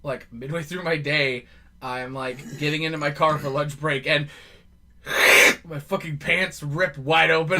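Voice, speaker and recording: A man co-hosting a comedy podcast, telling stories in a casual, profane, animated way with frequent laughter. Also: on the high side, takes it slowly. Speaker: podcast co-host.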